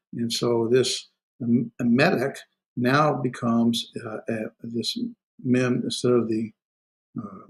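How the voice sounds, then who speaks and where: A man teaching a recorded language class, explaining grammar with many fillers and self-corrections, and slowing down to sound out words syllable by syllable. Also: medium pitch, a little mellow, rough recording. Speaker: Hebrew instructor.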